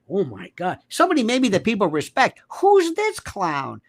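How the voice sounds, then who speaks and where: Animated, sarcastic ranting man. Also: sits high, brisk, few pauses. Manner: emphatic, sarcastic, jumps between topics. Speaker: commentator guest. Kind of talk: animated political rant.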